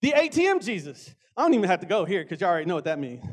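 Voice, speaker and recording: A man preaching a conversational sermon, animated, stretching key words for emphasis and often turning to the audience with asides. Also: high voice, rapid-fire, hardly any pauses.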